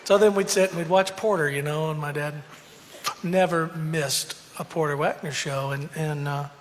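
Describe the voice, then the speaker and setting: Man spinning a casual story, fairly high voice, rambling, reverberant hall with faint hum. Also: steady tone, normal speed. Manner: rambling, full of fillers, laughing asides. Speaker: country singer telling a story.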